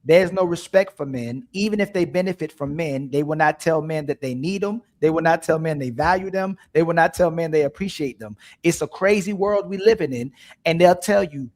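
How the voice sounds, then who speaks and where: A man hosting a livestream talk show argues his case. His voice sits high for a man, and he presses his points forcefully, repeating them again and again. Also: a little fast. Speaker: show host. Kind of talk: heated livestream debate.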